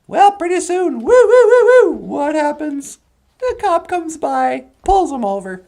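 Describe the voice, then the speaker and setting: A woman's voice: sits high, big pitch swings, a little slow, creaky, dark tone. A woman rambling through a comedic story as a cartoon narrator, chatty and offhand. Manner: chatty and rambling, switching into character voices.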